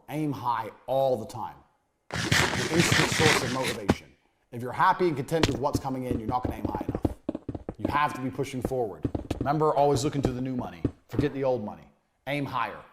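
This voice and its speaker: A man teaching a recorded business course in a blunt, emphatic way, swearing freely. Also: medium pitch. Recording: loud background noise.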